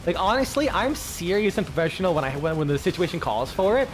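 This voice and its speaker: A man's voice: high-pitched, big pitch swings, fast, slight background noise. A man chatting casually with his stream viewers, rambling, full of fillers and swearing freely.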